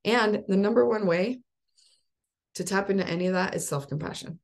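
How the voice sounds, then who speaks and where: A woman's voice: medium pitch, moderate pace. A woman in her forties, a life coach hosting a support group call over a video call, talking in an upbeat, encouraging way with rhetorical questions and frequent laughs. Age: 40s.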